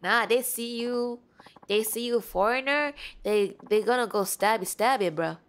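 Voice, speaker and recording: A woman's voice: a little high, unhurried, clean tone. A young woman streaming a game, chatting playfully and giggling while reading the game's dialogue aloud. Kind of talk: casual gameplay commentary.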